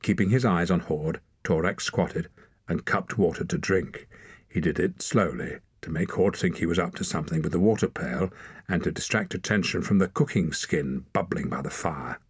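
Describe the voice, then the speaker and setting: A very deep, husky male voice reads an audiobook in a steady, measured way. The sound is dry and close to the mic, with no room around it. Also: no echo. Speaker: narrator. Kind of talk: audiobook narration.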